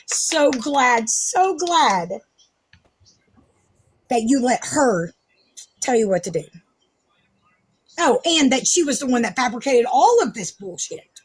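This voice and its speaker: A woman's voice: fairly high pitch, very animated, moderate pace, pauses often, breathy edge. A woman hosting a casual live stream, ranting defensively and sarcastically, swearing often. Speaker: livestream host.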